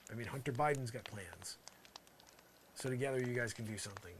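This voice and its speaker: A man doing an improvised comic monologue, rambling and sarcastic, swinging between loud outbursts and muttered asides. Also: medium pitch, a little fast, slight background noise. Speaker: comedian.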